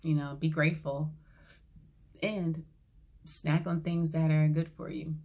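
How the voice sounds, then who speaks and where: A woman vlogger casually telling a personal story to her viewers, acting out the dialogue in a calm, reflective way. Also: low-pitched, measured pace.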